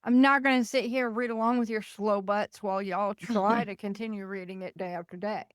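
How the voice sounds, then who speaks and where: A woman hosting a podcast, telling stories in a lively, animated way and acting out the voices of the people in them. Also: medium pitch, brisk, smooth, dry recording, studio quality. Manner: animated, acts out quoted voices. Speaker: podcast host. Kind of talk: casual storytelling.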